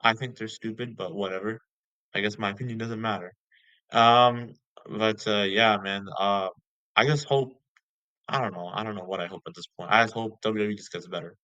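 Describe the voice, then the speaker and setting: A young man ranting casually as a vlogger, repeating himself and filling every pause with "like" and "you know". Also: on the low side, steady tone, sharp tone, no room sound, dull audio. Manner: ranting, heavy filler words, repeats himself. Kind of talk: casual rant.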